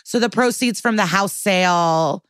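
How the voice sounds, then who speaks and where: A woman's voice: medium pitch, moderate pace, a bit bright, no room sound. A woman co-hosting a podcast in casual chat, blunt and chatty with lots of fillers. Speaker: podcast co-host.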